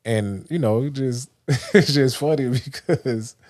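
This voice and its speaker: Speaking slowly in a mid-range, darkish voice, a livestream host from Dallas, Texas rambles through a motivational monologue. His delivery is loose, with many restarts and filler words.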